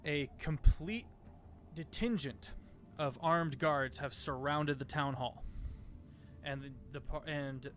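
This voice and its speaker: Slow, hesitant male game master. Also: fairly high pitch, fairly bright tone, slight background noise. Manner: hesitant, many fillers. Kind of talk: narrating a tabletop game.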